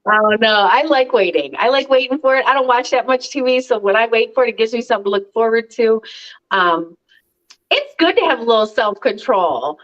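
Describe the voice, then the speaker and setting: A woman's voice: fairly high pitch, lively intonation, a little fast, a bit bright, lo-fi sound. Blunt, swearing woman telling a story. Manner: blunt storyteller, swears, acts out both sides of calls. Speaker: podcast co-host. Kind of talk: casual chat.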